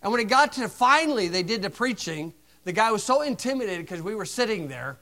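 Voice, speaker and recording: Male preacher, high and bright, sarcastic anecdotal sermon delivery. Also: brisk. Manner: sarcastic, animated storytelling.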